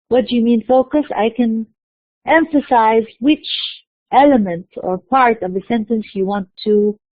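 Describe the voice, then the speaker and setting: A woman's voice: on the high side, no room sound. A woman giving a university lecture, explaining step by step, asking and answering her own questions and often restarting words. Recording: dry, tinny phone-like lecture recording.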